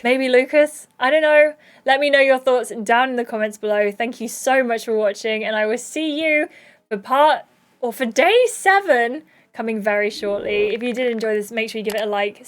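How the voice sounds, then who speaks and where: A young woman giving casual gaming commentary as a YouTuber, reading the game's text aloud and reacting in a chatty, expressive way. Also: fairly high pitch.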